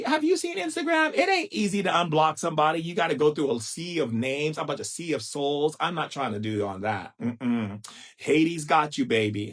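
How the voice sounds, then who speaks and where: A middle-aged spiritual teacher hosts a live stream, delivering a casual monologue with sass and playfulness. He teases listeners with endearments and mimics stiff, droning speakers. His husky voice sits in the mid range with a fairly bright tone.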